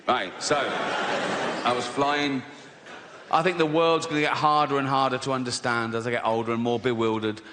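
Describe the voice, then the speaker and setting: A man's voice: medium pitch, a bit bright. An older man with an English accent doing a stand-up comedy routine, chatty and profane, tagging his lines with "right?". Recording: long hall reverb with faint hiss.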